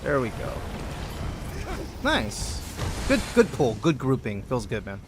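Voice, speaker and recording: A man's voice: mid-range voice, slow, background noise. A man streaming a group dungeon run, chatting casually and joking with his game and viewers. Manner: animated, joking, talks to his game and chat. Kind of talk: casual gameplay chat.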